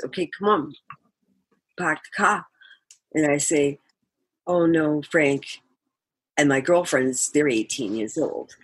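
Older woman guest, husky and dry-miked, animated raconteur. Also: low voice, no echo. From Boston area, USA. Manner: animated storyteller, laughs often, acts out quotes. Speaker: guest musician. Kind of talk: storytelling interview.

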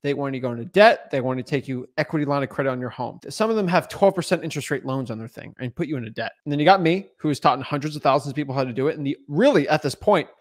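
A young man coaching real estate wholesaling, giving a fired-up, boastful and emphatic pitch. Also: expressive. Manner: intense, boastful, rapid-fire and emphatic.

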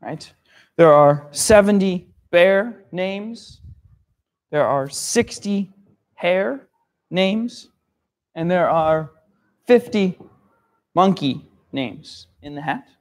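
A man telling a children's story at a slow, patient pace. He repeats key words, spells some out letter by letter and keeps checking that his listeners follow. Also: high-pitched, lively intonation. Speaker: storyteller for young learners. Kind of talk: simple storytelling lesson.

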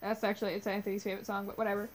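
A woman's voice: medium pitch, level tone, rapid-fire. A woman joining a gaming stream as a guest, chatting casually, singing bits of songs and joking about accents. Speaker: guest player. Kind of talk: casual gameplay chat.

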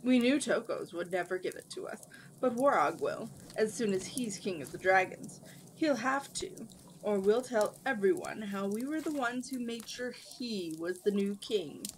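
A conceited wizard who speaks in haughty, showy tones, as a woman reading a storybook puts him on. His voice sits at an ordinary pitch, neither high nor low. A faint hum of background noise sits under the reading. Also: lively intonation, normal speed, natural voice, poor audio. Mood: smug. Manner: haughty, grandly theatrical, shrieking when crossed. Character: smug pompous male wizard, theatrical and vain.

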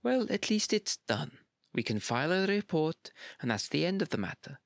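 A man's voice: on the low side, lively intonation, moderate pace, gravelly, no echo, studio quality. A man voicing an amused, carefree female civil servant who teases her colleague. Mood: teasing. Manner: teasing, lightly amused.

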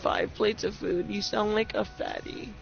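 Guy with a high gravelly voice ribbing his friend while gaming, kinda dull lo-fi audio, faint music. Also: steady tone, unhurried. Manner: teasing, joking and swearing freely. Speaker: gamer recording a session. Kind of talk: casual gaming chat.

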